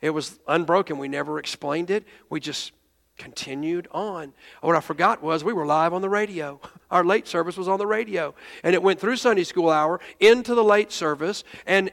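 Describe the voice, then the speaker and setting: A man's voice: high voice, creaky, fairly bright tone, in a large hall. A man, a pastor, telling a story in a sermon, earnest, with restarts and quoted voices.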